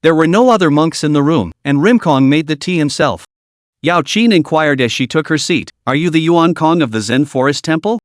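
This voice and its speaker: A man's voice: a little high, lively intonation, normal speed, dry recording. Man narrating a story recap in a dry, close voice. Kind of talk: recap narration of a translated web novel.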